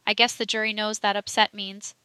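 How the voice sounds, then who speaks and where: A woman reading the lines of a forceful male prosecuting solicitor, pressing and emphatic in his questions. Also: medium pitch, little pitch movement, fairly quick, clean tone, dry recording, natural voice.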